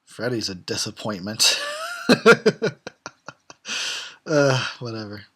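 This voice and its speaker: A man's voice: lowish voice, sing-song, takes it slowly, pushed and bright, breathy edge. Sarcastic, profane man riffing on a movie. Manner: profane, sarcastic, chuckles often. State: tired, drinking beer. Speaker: film commentary host. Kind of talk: casual drunk movie commentary.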